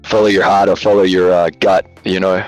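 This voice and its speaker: A man's voice: deep voice, flat delivery, brisk, faint music behind, rough recording. A man from Australia, a guest content creator, chatting loosely in an interview and telling jokey stories full of fillers, over a video call. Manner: joking, loose storyteller with frequent fillers. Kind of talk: casual interview chat. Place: home in Latvia.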